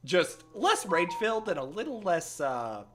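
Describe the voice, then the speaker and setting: A man's voice: high-pitched, big pitch swings, normal speed, a bit bright, soft background music. A man streaming games, bantering with chat in a joking, teasing way and putting on a playful accent that keeps slipping. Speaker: gaming streamer. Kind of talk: casual live-stream chat.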